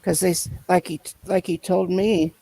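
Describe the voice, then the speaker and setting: A man telling a long personal story in casual chat, rambling and halting as he loops back over his points. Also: sits high, level tone, vocal fry, dark tone, no echo, poor audio. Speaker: storyteller in a conversation.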